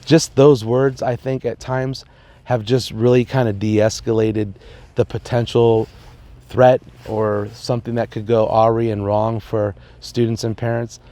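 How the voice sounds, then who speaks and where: A man, a high school principal, talking earnestly in an interview and telling stories with playful asides. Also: flat delivery, measured pace, dark tone. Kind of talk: reflective interview talk.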